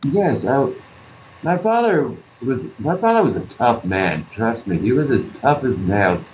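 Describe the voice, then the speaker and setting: A man's voice: mid-range voice, sing-song, a little slow, a little mellow. A man telling a personal story in an interview, earnest, repeating himself and acting out what others said. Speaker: guest artist and musician. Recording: dull lo-fi recording with faint noise.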